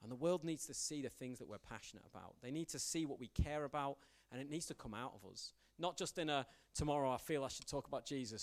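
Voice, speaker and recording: Youth pastor, young man, mid-pitched, casual storytelling sermon, self-deprecating, plays out the dialogue. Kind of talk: conversational sermon with anecdotes.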